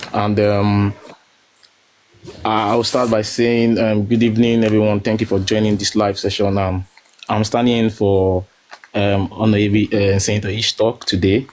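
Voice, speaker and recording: Hesitant low-voiced man. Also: a little mellow, rough recording. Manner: hesitant, many fillers, slow careful reading. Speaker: stand-in host. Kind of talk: live session recap and scripture reading.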